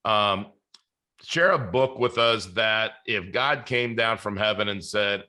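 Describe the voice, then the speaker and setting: A man's voice: on the low side, takes it slowly, bright, forceful tone. A man hosting a podcast in casual interview chat, earnest and faith-filled, often restarting his sentences. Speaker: podcast host.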